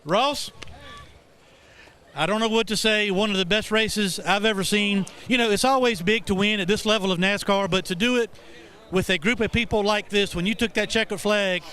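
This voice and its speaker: A man working as a pit reporter, interviewing the winner in victory lane with a raised, excited voice. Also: high voice, a little fast.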